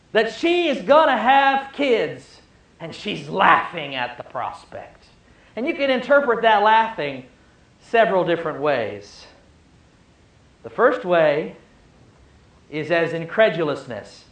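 A man's voice: high voice, fairly bright tone, roomy sound. A male pastor preaching a sermon, telling the story with emphasis and joking asides to the congregation.

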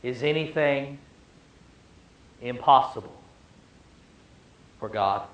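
A man speaking the words of God in a sermon, in a grave, slow and questioning manner. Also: mid-range voice, roomy sound, highs cut off, voice pushed down, lightly acted. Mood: solemn. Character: solemn God, patient and questioning.

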